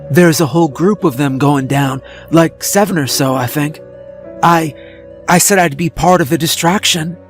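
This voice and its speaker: A man's voice: on the high side, normal speed, soft background music, pitched above the performer's own voice, lightly acted. A man voicing a nervous teenage girl who stumbles over her words, in a storybook reading. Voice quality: stammering.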